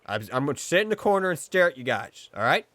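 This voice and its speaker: Man doing a deadpan overprotective movie dad. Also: fairly high pitch, fast talker, voice pushed up. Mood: mock-stern. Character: overprotective stern sibling acting as movie dad.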